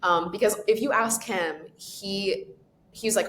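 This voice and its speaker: A woman who creates a podcast answers interview questions in an animated, expressive way and laughs often. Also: mid-range voice, slow, slight background noise. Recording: echoey room.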